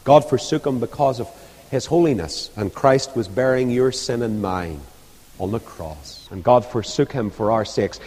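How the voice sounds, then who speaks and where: A man's voice: medium pitch, moderate pace, darkish tone. A man preaching an impassioned evangelistic sermon, rising to fervent appeals. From Northern Ireland. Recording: echoey hall with long reverb.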